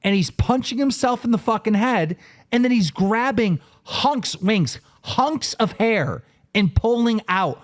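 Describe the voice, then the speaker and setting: A man's voice: high voice, a little slow. A man on a podcast telling a story with lots of swearing, acting out what others said. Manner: excitable, swearing, acts out quotes. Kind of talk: animated storytelling with profanity.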